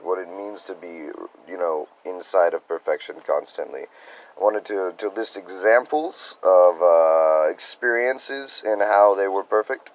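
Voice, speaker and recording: Low gravelly man, congested and tired. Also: rough recording. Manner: soft-spoken, wandering, hesitant. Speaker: vlogger sharing spiritual reflections. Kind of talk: rambling personal video diary.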